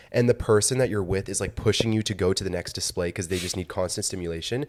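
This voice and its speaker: Young man, podcast host, low voice, casual chat, rambling with fillers. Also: brisk, few pauses, a little mellow. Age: 20s. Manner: chatty, many "like" fillers, ranting soapbox.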